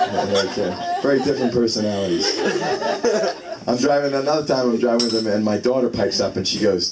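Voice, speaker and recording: A man in his thirties does a casual stand-up set at a small live comedy venue, telling self-deprecating stories about his kids. His voice is medium-pitched and expressive at a normal speed, caught by a distant mic in a noisy room.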